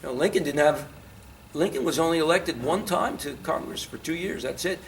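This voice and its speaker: A man's voice: on the high side, brisk, vocal fry, slight background noise. A man giving an informal history lecture to a live audience. He keeps quizzing listeners with questions and grows impassioned about his points.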